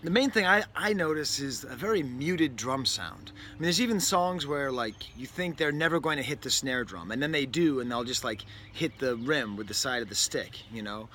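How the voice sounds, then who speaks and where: A man's voice: medium pitch, lively intonation, normal speed, hardly any pauses, bright, forceful tone. A man from New England hosting a casual record review, talking in a rambling, wry way with lots of self-interruptions and asides. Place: indoors near a window, with a bird outside. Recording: faint background noise.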